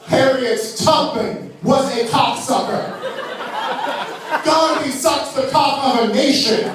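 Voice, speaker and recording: A man performing a stand-up comedy set, theatrical and animated, swinging his pitch up high for emphasis. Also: slow pace, heavy reverb, far from the mic, noisy background. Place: comedy club stage.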